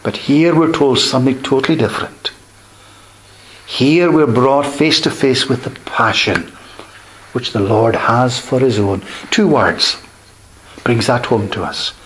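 A man preaching a sermon, expounding scripture with measured emphasis, dropping softly on key words. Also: medium pitch, a little hiss or hum, rough recording.

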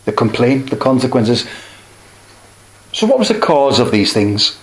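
Slow, measured male preacher, echoey room. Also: medium pitch, big pitch swings. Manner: slow, measured preaching with pauses between phrases. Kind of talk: sermon.

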